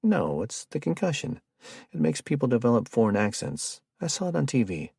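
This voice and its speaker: A man's voice: medium pitch, big pitch swings, fairly quick, vocal fry, warm tone, husky, no room sound, clean studio sound, pitched above the performer's own voice, heavily acted. A man voicing a playful young man who jokes and banters with his friends. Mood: joking.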